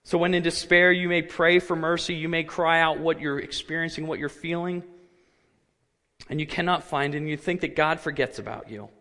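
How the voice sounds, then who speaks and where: A man preaching a sermon, earnest and measured, his voice rising when he quotes cries of anguish. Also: on the high side, fairly even intonation, bright, forceful tone, big-room sound. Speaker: pastor.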